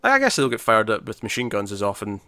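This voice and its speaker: A man's voice: lowish voice, wildly swooping pitch, quick pace, pushed and bright, dry recording, studio quality. A man co-hosting a podcast in casual chat, chatty and laughing often, acting out quotes as he talks. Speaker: podcast co-host.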